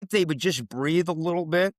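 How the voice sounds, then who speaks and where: A man's voice: on the high side, fairly quick, no echo. A middle-aged man from the DC area, a basketball official giving coaching advice in an interview, emphatic and repeating his key points.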